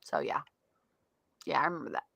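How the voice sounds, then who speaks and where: A woman's voice: low-pitched, big pitch swings, a little fast, creaky, a bit bright, dry recording. A woman with a Southern US accent, co-hosting a podcast in casual chat, chatty and laughing often. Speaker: podcast co-host. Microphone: studio mic.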